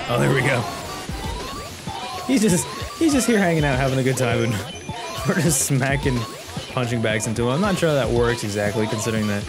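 A man who hosts a gaming channel, giving joking, sarcastic let's play commentary. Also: medium pitch. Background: game music.

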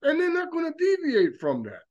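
A man preaching a fervent monologue, mocking opponents by mimicking them in quick asides. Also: very high voice, wildly swooping pitch, muffled recording. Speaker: religious commentator.

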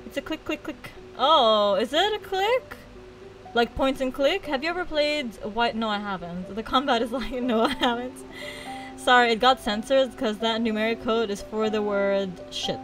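A woman's voice: on the high side, moderate pace, a bit bright, soft background music, poor audio. A young woman streaming a video game, chatting casually and giggling, with lots of "like" fillers.

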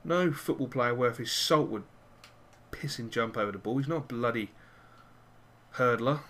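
A male gaming host with a mid-range voice and normal speed narrates a football video game as he plays. He gets excited, yelling cheers and curses at his team.

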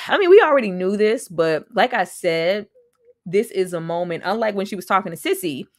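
A woman's voice: mid-range voice, lively intonation, moderate pace, no echo, studio quality. A young woman casually reviewing a TV episode, chatty and slangy, laughing often between points. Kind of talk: casual recap and reaction.

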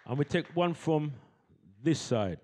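A man's voice: fairly high pitch, expressive, measured pace, warm tone, slight background noise. A man hosting a community event, coaxing the audience into call-and-response with a handheld microphone. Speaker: event host. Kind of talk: lively audience warm-up.

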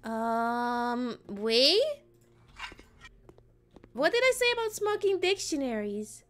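A woman's voice: a little high, lively intonation, slow pace, pauses often, fairly bright tone, soft background music. A woman streaming a game, chatting playfully with her viewers and giggling often. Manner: playful, giggly, answering chat. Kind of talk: casual live-stream chat while gaming.

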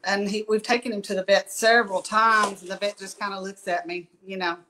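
A woman's voice: medium pitch, steady tone, fairly quick, bright, forceful tone, a little hiss or hum, rough recording. A middle-aged woman gives a casual painting tutorial, chatting and rambling in folksy asides while she works. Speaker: painting instructor.

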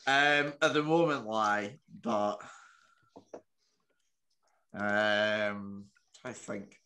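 A man's voice: lowish voice, drawn-out words, bright, forceful tone. A man, co-hosting a casual podcast, swearing freely and laughing often. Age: 20s. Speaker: podcast co-host. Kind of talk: casual chat among friends.

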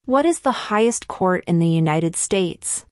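Slow, measured woman reading quiz questions. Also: lowish voice, animated, a little mellow, no echo, studio quality. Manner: measured, deliberate delivery with long pauses. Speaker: civics test reader.

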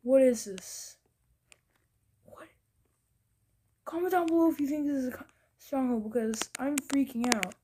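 A young woman giving casual gameplay commentary, thinking aloud, getting excited and now and then dropping into whispers. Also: high-pitched, measured pace, pauses often. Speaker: gaming video creator. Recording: faint background noise.

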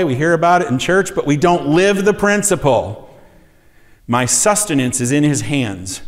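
Man preaching in a reverberant hall. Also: on the high side. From USA. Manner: conversational, asks the congregation questions. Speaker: pastor. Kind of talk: sermon teaching. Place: church sanctuary.

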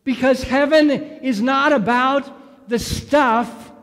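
High-voiced preaching man, slow delivery. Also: fairly even intonation, fairly bright tone. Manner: preaching with questions to the congregation. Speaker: pastor. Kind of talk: sermon. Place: church sanctuary. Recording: long hall reverb.

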